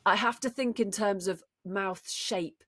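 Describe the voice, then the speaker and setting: A woman's voice: medium pitch, unhurried, fairly bright tone, no room sound, studio quality. A woman co-hosting a podcast, chatting casually and thinking aloud with frequent restarts. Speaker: podcast co-host. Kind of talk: casual chat.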